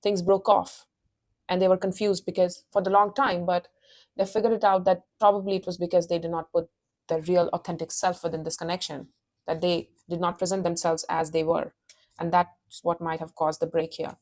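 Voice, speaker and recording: A woman's voice: lowish voice, level tone, moderate pace, darkish tone. A woman giving a casual tarot reading, intense and emphatic, repeating her phrases and calling the listener honey. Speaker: tarot reader.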